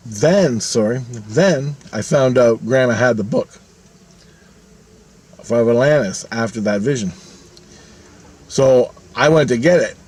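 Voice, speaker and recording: A man's voice: on the low side, darkish tone, breathy edge. A man in his fifties telling a personal story in a casual, rambling monologue, swearing freely and retelling it animatedly. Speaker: vlogger.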